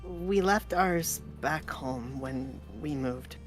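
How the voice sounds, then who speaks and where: A woman voicing a shy, withdrawn neighbor boy in a story game, quiet and hesitant. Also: low voice, slow, faint music behind.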